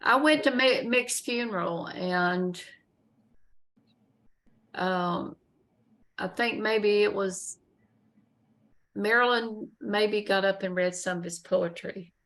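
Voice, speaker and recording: A woman's voice: medium pitch, slow pace, pauses often. A woman at a poetry society meeting indoors, speaking fondly of a member with stumbling restarts. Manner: warm-hearted, stumbling restarts. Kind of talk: casual group chat.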